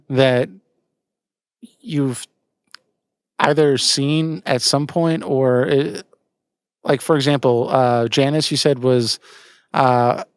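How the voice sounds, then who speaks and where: A man co-hosting a podcast, talking about a video game in a loose, halting way with many fillers and restarts. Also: medium pitch, clean tone, no room sound, clean studio sound. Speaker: podcast co-host. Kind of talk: casual game discussion.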